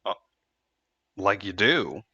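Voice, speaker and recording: A man running a tabletop game as game master, narrating in a measured way with many fillers. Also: deep voice, big pitch swings, vocal fry, bright, forceful tone, lo-fi sound.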